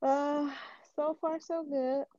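A woman co-hosting a casual podcast chat, wry and quick to laugh. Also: high voice, no room sound. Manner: lively, wry, laughs often. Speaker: podcast co-host. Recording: dull lo-fi remote line.

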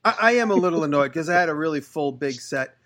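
A fairly high-pitched, bright-toned man talks fast and animatedly as host of a casual podcast. This woodworker rambles through long workshop anecdotes, putting on voices for whoever he's quoting.

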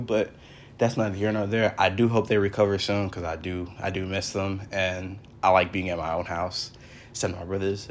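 There's a little hiss or hum behind this low-voiced young man as he hosts a casual solo podcast from his brother's house. His talk rambles, full of fillers like "like" and "for real."

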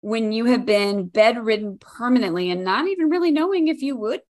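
A woman hosting an interview, asking questions in a measured, supportive way. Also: a little high, animated, darkish tone. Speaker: interview host.

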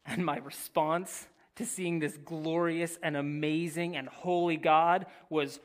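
A preacher reading scripture and teaching, swinging between loud declarations and near-whispered phrases, with casual asides to the listeners. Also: medium pitch, fairly even intonation, slow pace, few pauses. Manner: casual, addresses listeners as "guys". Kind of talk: sermon with Bible reading and teaching.

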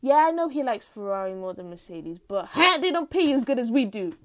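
A woman's voice: a little high, sing-song, fairly quick. A teenage girl hosts her own podcast from home, rambling off the cuff in a playfully dramatic way and sounding tired. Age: teens. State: tired, lightheaded. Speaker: podcast host. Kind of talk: unscripted casual monologue. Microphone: home mic.

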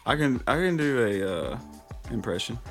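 Podcast dude, mid pitch, rambling jokey chat full of uhs and laughs. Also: male voice, big pitch swings, normal speed, a bit bright, faint music behind. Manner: jokey, lots of fillers and laughing. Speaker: podcast co-host. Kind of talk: casual chat.

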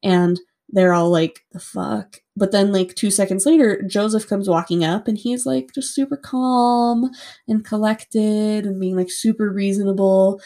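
A woman's voice: medium pitch, steady tone, measured pace, dark tone. A woman casually recounting a true-crime story to a co-host, chatty with lots of "like" and free swearing.

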